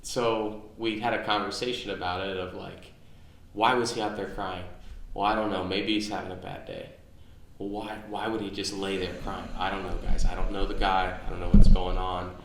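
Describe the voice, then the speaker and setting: A man's voice: deep voice, flat delivery, moderate pace, fairly bright tone, slight background noise. A man in his thirties, a podcast co-host, telling family anecdotes in a rambling, casual way with many restarts, recorded on location. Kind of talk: casual storytelling chat. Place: on location near his home. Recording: echoey on-location recording with faint ambience.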